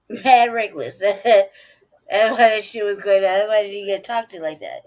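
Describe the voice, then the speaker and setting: A woman's voice: mid-range voice, takes it slowly. A woman hosting a casual reaction show, laughing often and commenting in loose slang. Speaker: host reacting to videos.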